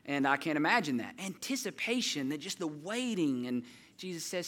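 A man preaching a casual, story-driven sermon, talking to the congregation like friends and putting on children's voices in his anecdotes. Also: moderate pace. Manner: animated storytelling, jumps higher and louder when quoting children. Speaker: pastor. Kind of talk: conversational sermon with stories.

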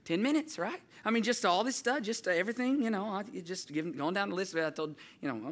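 Man, pastor, high voice, bright and forceful, conversational storytelling sermon. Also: fairly quick. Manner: animated storytelling, jumps higher and louder when quoting children.

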